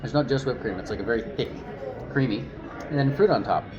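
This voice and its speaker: A man's voice: mid-range voice, quick pace, dull audio, crowd noise. A man casually narrating a travel vlog outdoors, easygoing and chatty, laughing often. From Canada. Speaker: outdoor vlogger.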